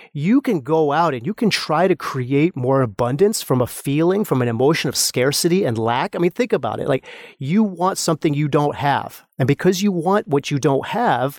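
A man's voice: fairly high pitch, no room sound, studio quality. A man hosting a motivational podcast, intensely guiding the listener through a visualization with repeated rhetorical questions and calling him brother. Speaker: podcast host, mindset coach. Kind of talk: motivational coaching monologue.

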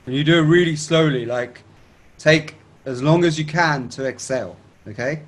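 A man teaching breathing techniques step by step, calmly checking in with his listener and chanting tones to demonstrate. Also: a little high, moderate pace. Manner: calm instructive, checks in with "okay?". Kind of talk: guided breathing instruction.

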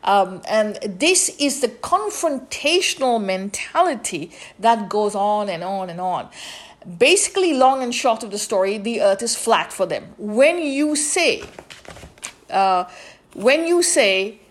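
A woman's voice: mid-range voice, lively intonation, slow pace. A woman hosting a podcast, rambling in a casual monologue with many fillers and restarts, turning indignant at times. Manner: indignant commentary. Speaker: podcast host.

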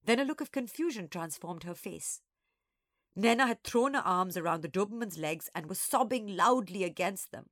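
A woman storyteller reading a children's story aloud, expressive and acting out each character. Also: mid-range voice, normal speed, no room sound, clean studio sound.

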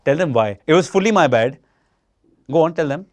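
A young man co-hosting a podcast, telling stories in an animated, casual way and swearing freely. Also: a little high, fairly quick, dry recording. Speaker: podcast co-host. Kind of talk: casual chat.

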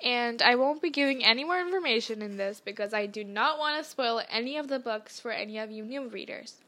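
High-voiced chatty woman podcast host. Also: lively intonation, brisk, pushed and bright. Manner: chatty, frequent "like" fillers. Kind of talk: casual reaction chat.

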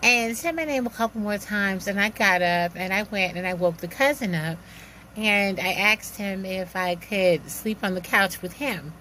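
A woman telling a personal story in a lively, animated way, acting out the dialogue and laughing now and then. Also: mid-range voice, moderate pace, slight background noise.

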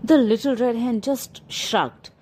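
A woman reading a children's story aloud in a measured storytelling manner. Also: a little high, dark tone, a little hiss or hum.

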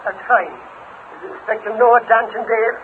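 A beat cop on a crackly phone line. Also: male voice, high voice, steady tone. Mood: dutiful. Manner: brisk, dutiful, respectful. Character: police officer calling in from a crime scene. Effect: telephone line. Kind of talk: 1940s radio acting. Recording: tinny 1940s radio broadcast over a phone filter.

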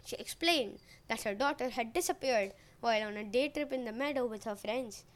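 A woman's voice: a little high, fairly quick. A woman retelling a myth in a casual, chatty way with joking asides. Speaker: podcast storyteller.

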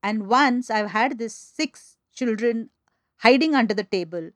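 A woman's voice: on the high side, expressive, unhurried, a bit bright, no room sound. A middle-aged woman, telling a candid anecdote in conversation and acting out the people she quotes.

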